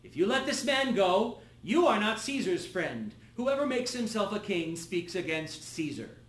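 A man voicing an angry crowd of men, calling out loud demands. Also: high voice, big pitch swings, normal speed. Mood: insistent. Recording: echoey room.

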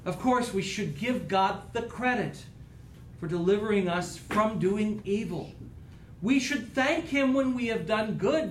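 Pastor guy giving a sermon, kinda high voice, big echo in the sanctuary. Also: slight background noise. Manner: earnest, rising and falling preaching cadence.

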